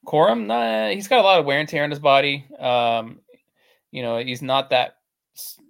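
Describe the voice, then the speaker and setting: A man with a gravelly, creaky voice talks through player prospects in a relaxed podcast chat. He hedges and pads his points with plenty of fillers. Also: fairly high pitch, moderate pace. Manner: filler-heavy, hedging analysis. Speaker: podcast co-host, draft analyst. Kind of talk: casual sports chat.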